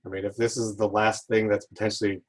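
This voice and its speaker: A man's voice: lowish voice, level tone, fast. A man playing in a tabletop game, chatting casually and making jokes. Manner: joking, teasing. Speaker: player.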